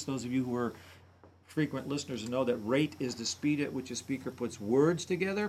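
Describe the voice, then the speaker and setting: Man analyzing speaking style, faint noise. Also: on the high side. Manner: analytical, imitates speech patterns. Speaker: voice and speech commentator. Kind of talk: radio talk commentary.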